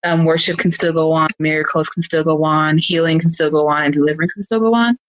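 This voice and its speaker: A woman's voice: sits low, steady tone, fast talker, no room sound, dull audio. A woman talking earnestly and from the heart as a guest in a casual conversation. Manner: earnest, heartfelt, laughs easily. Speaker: guest, praise dancer.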